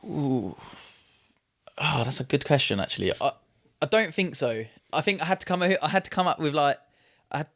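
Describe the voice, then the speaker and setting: A man's voice: on the high side, sing-song, moderate pace, pauses often, a bit bright. A man in his twenties with a Luton English accent, a podcast guest telling his story in loose, casual chat with swearing and restarts. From England. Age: 20s. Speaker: podcast guest, Muay Thai fighter.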